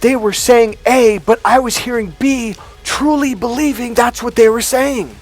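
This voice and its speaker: A man voicing an overeager grown man client, quoting him in a higher, insistent tone. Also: unhurried, soft background music. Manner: pleading, insistent.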